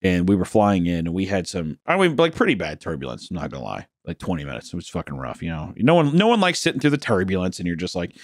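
A man's voice: low voice, wildly swooping pitch, fast, few pauses, no echo, clean studio sound. A man co-hosting a comedy podcast, telling crude, joking stories full of profanity and mimicked voices. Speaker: podcast co-host.

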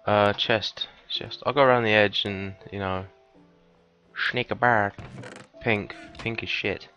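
A man giving cheeky, casual gameplay commentary, swearing often and breaking into sudden high, excited yelps. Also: measured pace, highs cut off, soft background music. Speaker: let's player.

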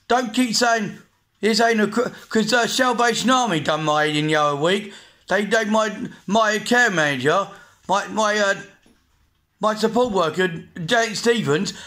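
A man's voice: high-pitched, fairly bright tone. An English man in his forties ranting angrily to camera, blunt and repetitive, swearing often. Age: 40s. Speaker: vlogger. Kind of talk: angry rant to camera.

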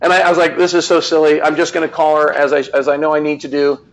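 A man telling a personal story as a guest on a live show, earnest and animated, with many restarts. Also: on the high side, fast, low-quality recording.

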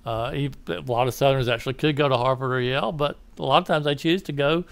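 Fast and gravelly yet smooth, this mid-range male voice has a fairly bright tone and no echo. The speaker, a Southern American political commentator, rambles through an opinion monologue, often correcting himself and laughing at his own digressions.

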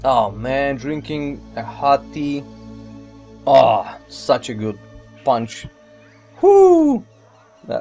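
Brief: male let's player, mid-pitched, excitable and rambling, with non-native English phrasing. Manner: excitable, rambling, mild swearing. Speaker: let's play gamer. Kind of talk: gameplay commentary.

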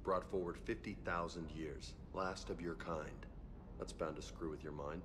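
A man's voice: deep voice, fairly even intonation, moderate pace, noisy background, lightly acted. An actor playing a casual male starship crew member in a video game, gossiping in an offhand, amused way. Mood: chatty. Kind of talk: video game background dialogue. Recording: game dialogue over clear background ambience.

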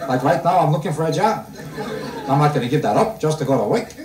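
A man doing a stand-up routine for a live audience, grumbling deadpan and tossing rhetorical questions at the crowd. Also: a little high, fast. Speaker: stand-up comedian. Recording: roomy live club recording, mic heard from a distance. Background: audience laughter.

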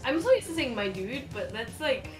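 A woman's voice: on the high side, very animated, normal speed, over music. A young woman streamer chatting with friends during a game, giggling and poking fun at herself. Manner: giggly, self-mocking. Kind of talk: casual gaming chat. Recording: echoey room mic.

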